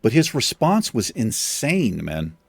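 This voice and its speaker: A man's voice: medium pitch, huge pitch swings, slow, vocal fry, husky, dry recording. A young man casually commenting on his game and rambling through a story, swearing freely as he talks. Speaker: gaming streamer.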